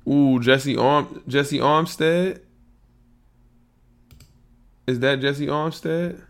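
A man hosting his own podcast alone, rambling in a relaxed, slangy way and thinking out loud. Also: medium pitch, very slow, clear, resonant tone. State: yawning, a bit sleepy. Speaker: podcast host. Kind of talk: casual solo podcast monologue.

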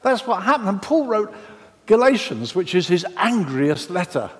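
A man preaching a sermon as a pastor, telling the story dramatically and with lively emphasis. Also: high voice, moderate pace. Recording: reverberant hall.

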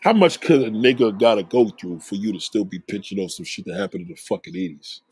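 A man telling street stories in a casual monologue, animated, acting out the voices of the people he describes. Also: on the low side, fast, breathy edge, no echo.

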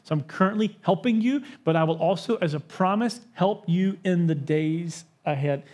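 A man's voice: high voice, moderate pace, a little mellow. A man in his thirties preaching a sermon in a church, conversational and personal, with joking asides. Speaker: pastor. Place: church sanctuary.

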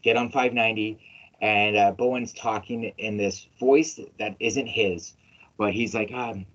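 A man hosting a casual sports podcast, telling stories in an animated, emphatic way with plenty of swearing. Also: on the low side, unhurried. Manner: animated, emphatic storytelling, profane. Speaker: podcast host. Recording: dull lo-fi audio.

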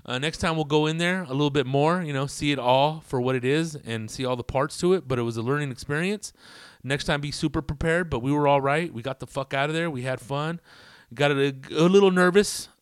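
A man's voice: a little high, a little fast, smooth, no echo, clean studio sound. A young man telling a rambling story in a casual, profane, slang-heavy way to his viewers. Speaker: vlogger.

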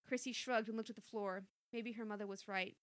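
A woman reading a silly story aloud in a deadpan way, with occasional giggles and asides. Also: medium pitch, a little fast. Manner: deadpan delivery, giggles at the text. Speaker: reader, co-host.

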